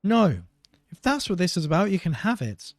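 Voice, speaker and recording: A man's voice: high-pitched, very animated, normal speed, no room sound, studio quality, voice pushed up. A man voicing a foul-mouthed, tough female pirate captain while reading a game book aloud. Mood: scornful. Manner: brash, cursing, scornful.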